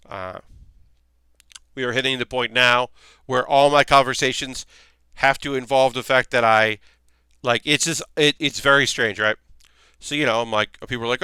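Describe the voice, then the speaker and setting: Casting: male streamer, casual rambling chat, crisp voice, dry close sound. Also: medium pitch, sharp tone, dry recording. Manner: rambling, acts out quoted people in raised voices. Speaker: streamer host.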